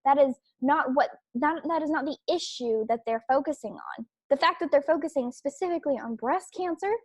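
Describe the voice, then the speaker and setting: A young adult woman delivers an opinion podcast monologue in a slightly high voice. She presses her points with repetition and stumbling restarts. The sound is close and dry, with no room around her. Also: no echo. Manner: emphatic, repetitive, with filler restarts. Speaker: podcast host.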